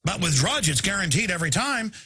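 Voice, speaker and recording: A man's voice: sits high, very animated, quick pace, bright, forceful tone. A male talk radio host delivering a rambling, indignant live monologue.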